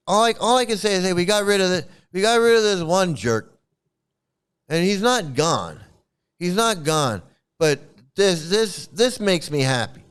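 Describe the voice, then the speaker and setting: A middle-aged man rambles through casual commentary, repeating himself, cursing and laughing at his own stories. His voice sits high for a man and comes through smooth and clear. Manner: rambling, laughs often, swears, stammers. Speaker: channel host commenting on a cult.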